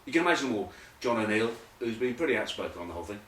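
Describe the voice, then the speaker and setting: A man's voice: on the low side, big pitch swings, rapid-fire, a bit bright, far from the mic, slight background noise. Give me a man hosting comic rugby news with rambling asides, in an echoey room away from the mic. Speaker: host.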